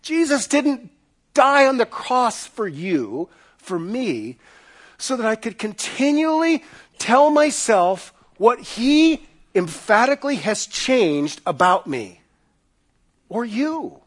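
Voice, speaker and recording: A man's voice: extremely high pitch, sing-song, slow. A middle-aged man preaching a sermon as a pastor, in an emphatic, repetitive preaching cadence.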